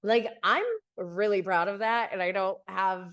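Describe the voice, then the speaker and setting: A woman's voice: medium pitch, steady tone, unhurried, fairly bright tone. Chatty woman telling a story. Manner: chatty, many "like"s, light laughs. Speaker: podcast host. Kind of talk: casual storytelling.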